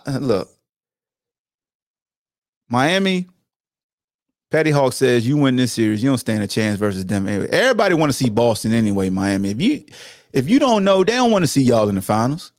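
A podcast host trash-talks in a loose, playful voice. His pitch swings up and down all the time. The sound is close and dry, with no room around it. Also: no room sound. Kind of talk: casual sports talk.

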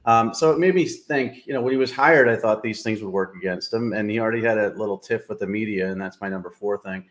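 A man's voice: on the low side, quick pace. A man giving blunt, opinionated college football analysis in casual talk, with plenty of fillers. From New England.

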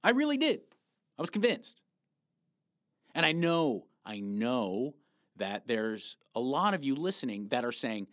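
Speaking a little slowly with frequent pauses and big pitch swings, a man gives a blunt motivational fitness talk on shedding body fat, cursing freely and punching his words for emphasis as he urges listeners to keep at it. His voice is ordinary in pitch for a man and a bit bright, and the close recording is completely dry, with no room sound.

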